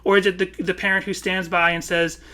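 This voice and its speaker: A man's voice: high voice, little pitch movement, a little fast, pushed and bright. A man co-hosting a podcast, talking with passion and swearing freely in a long casual monologue. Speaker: podcast co-host.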